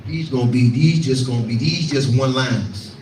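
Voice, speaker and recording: A man's voice: medium pitch, normal speed, a little mellow, a little hiss or hum. A man preaching a scripture teaching, repeating lines and calling out to his listeners. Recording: echoey room, voice from far off.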